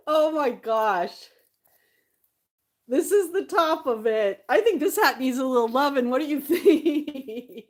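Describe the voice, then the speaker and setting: Woman, home vlogger, higher voice; casual chatty delivery, a bit teary, frequent laughs. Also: lively intonation, slow pace. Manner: chatty, laughs often between lines. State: tearful. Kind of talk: casual chat to camera.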